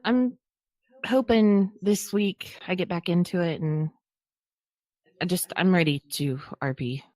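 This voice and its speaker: A woman's voice: lowish voice, unhurried, dark tone, no echo. A woman co-hosting a casual podcast, chatty, often restarting and trailing off mid-sentence. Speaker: podcast co-host.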